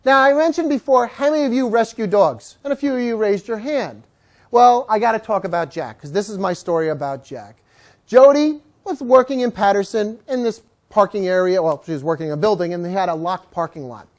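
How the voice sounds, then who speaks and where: A man teaching a dog-training class, telling stories with lively, acted-out voices. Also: high voice, fairly quick. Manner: animated, acts out quoted voices. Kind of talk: storytelling lecture to a class.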